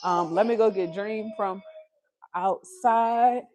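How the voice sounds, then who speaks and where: A woman's voice: mid-range voice, slow, a little mellow, slight background noise. Young mom livestreaming from home, chatty, keeps stopping to talk to her toddler. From Houston, Texas. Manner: chatty, breaks off to coax and scold her toddler. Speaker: livestream host. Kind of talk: casual livestream chat. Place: busy family home with children.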